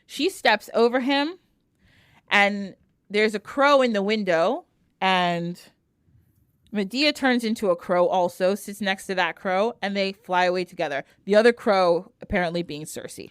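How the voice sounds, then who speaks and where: A woman retelling a myth in casual, animated storytelling, sprinkled with "like". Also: medium pitch, measured pace, clear, resonant tone, dry recording, clean studio sound. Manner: animated, heavy use of "like". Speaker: podcast guest.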